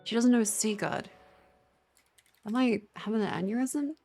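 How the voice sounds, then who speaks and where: A young Australian woman streamer with a fairly high, dark-toned voice chats casually at a moderate pace on a livestream. She sounds tired, rambling and swearing with self-mocking banter, while faint music plays behind her.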